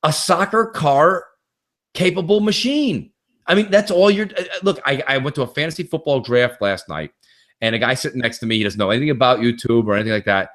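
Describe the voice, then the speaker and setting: Animated profane gaming podcaster. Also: male voice, mid-range voice, fairly quick. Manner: animated, profane, acts out quotes. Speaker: podcast co-host. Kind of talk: casual gaming chat.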